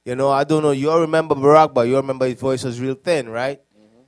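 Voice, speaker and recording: A man speaking as a deacon on a preaching panel, animated and storytelling, with laughs and voice impressions. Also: mid-range voice, quick pace, clear, resonant tone.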